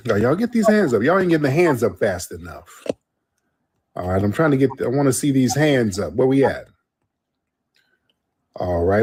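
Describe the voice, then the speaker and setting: A man's voice: fairly low pitch, warm tone, slightly rough. A man hosting a live call-in stream, blunt and loose, taking callers. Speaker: host.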